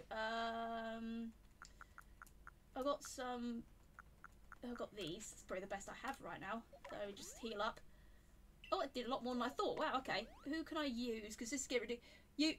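A woman giving chatty live commentary while she plays a video game, talking to the game and rising into flustered high squeals. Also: normal speed, slight background noise. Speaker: game streamer.

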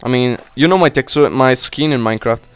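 A young man giving casual, excitable let's play commentary, swearing and talking to himself as he plays. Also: mid-range voice, a little fast, smooth. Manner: cursing, excitable, talks to himself. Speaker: gaming YouTuber.

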